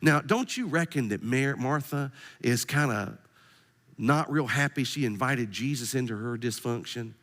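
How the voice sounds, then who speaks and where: A male pastor preaching a sermon in an animated, humorous way and putting direct questions to the congregation. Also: medium pitch, a little slow.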